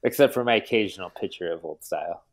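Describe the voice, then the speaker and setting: A man with a lowish voice recounts old misadventures in a loose, conversational way. He mocks himself and laughs through his stories, like a guest trading tales on a podcast. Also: fast. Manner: laughing, self-mocking anecdotes. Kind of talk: casual storytelling.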